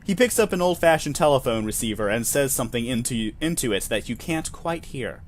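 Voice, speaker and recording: A man's voice: medium pitch, expressive, a little fast, slight background noise. A man narrating a solo tabletop game in a self-amused, chatty way, dropping jokey asides.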